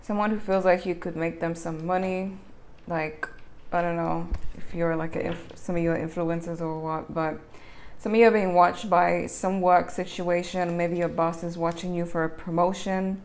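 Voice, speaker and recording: A woman's voice: lowish voice, fairly even intonation, normal speed, hardly any pauses, a little mellow, slight background noise. A woman giving a casual tarot reading, chatty and self-correcting, with frequent laughs. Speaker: tarot reader.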